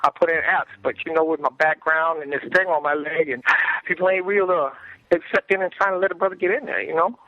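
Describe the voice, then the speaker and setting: A man phoning in to a radio show, speaking in loose, laid-back slang. The call comes through a dull, muffled line with a dry sound. His voice is fairly high. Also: fast, dry recording. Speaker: caller. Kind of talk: phone-in chat.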